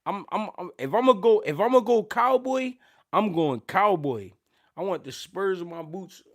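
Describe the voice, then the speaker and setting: Brief: Philly-male host, gravelly low-key voice, slangy live-stream banter, dry close mic. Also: lively intonation, moderate pace, no echo. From Philadelphia. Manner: slangy, laughing, swings from loud to mumbled. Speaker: boxing channel host. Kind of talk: casual live-stream chat.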